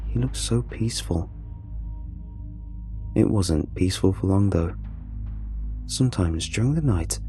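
Gravelly low male storyteller. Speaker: narrator. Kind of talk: scripted story narration. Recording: soft music under the voice.

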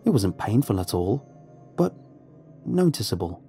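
A man narrates a first-person horror story in a measured, suspenseful manner. His voice is mellow and low in brightness, with lively swings of pitch. Quiet music runs in the background. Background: faint music.

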